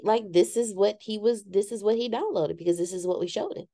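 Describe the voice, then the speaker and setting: A woman's voice: mid-range voice, brisk, hardly any pauses, dark tone, no echo, studio quality. A woman giving a frank, self-deprecating motivational talk to a live group, sometimes acting out the voices she quotes. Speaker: speaker addressing a live group.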